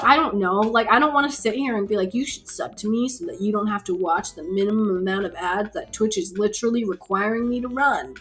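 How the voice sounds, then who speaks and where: A woman hosting a live stream, chatting casually and rambly while she plays, reading viewers' names and getting excited. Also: medium pitch, husky. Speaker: livestream host.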